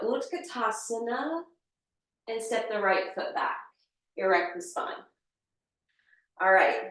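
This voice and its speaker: Slow-paced woman leading yoga, echoey room. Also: mid-range voice. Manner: calm step-by-step cueing with breath counts. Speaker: yoga teacher. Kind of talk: guiding a yoga class. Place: yoga studio. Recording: echoey room, voice from far off mic.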